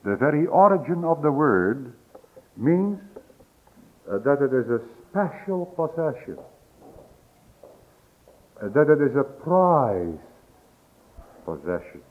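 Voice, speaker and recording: A man's voice: on the high side, very animated, slow pace, long pauses. A man preaching a sermon as pastor, building to emphatic peaks with homely grammar slips. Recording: dull lo-fi recording.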